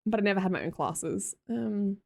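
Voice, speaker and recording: A woman's voice: medium pitch, moderate pace, gravelly, a little mellow. A young Australian woman live streamer chatting casually with her viewers, reading their messages aloud, laughing often and swearing freely.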